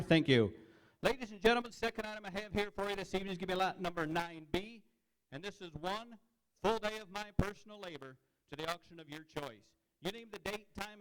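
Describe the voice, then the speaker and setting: A man from Michigan competing as an auctioneer, rattling off a rhythmic bid-calling chant. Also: high voice. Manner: rapid rhythmic auction chant with repeated filler phrases. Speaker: auctioneer contestant.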